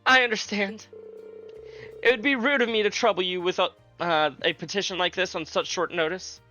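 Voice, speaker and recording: A man's voice: sits high, steady tone, normal speed, pushed and bright, faint music behind. A man voicing a playful, teasing fifteen-year-old princess, reading game dialogue aloud in a raised, girlish, polite voice.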